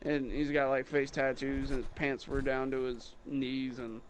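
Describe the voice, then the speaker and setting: A man's voice: mid-range voice, unhurried, slight background noise. Rambling young man telling a store story. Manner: rambling, animated, mocking. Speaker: guitar salesman. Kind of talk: casual storytelling.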